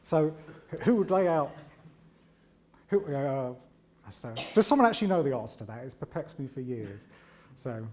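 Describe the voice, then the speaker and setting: A man giving a conference talk, chatty and animated, with self-deprecating humour and frequent asides of "right?". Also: mid-range voice, moderate pace, pauses often. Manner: animated and chatty, often tags lines with "right?". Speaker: conference speaker.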